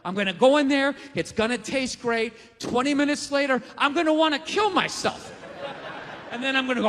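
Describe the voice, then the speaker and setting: This stand-up routine comes from a man in his forties whose extremely high, slightly bright voice moves briskly with lively intonation. Cursing and fed up, he rants to a laughing audience in a big theater, captured live with lengthy reverb.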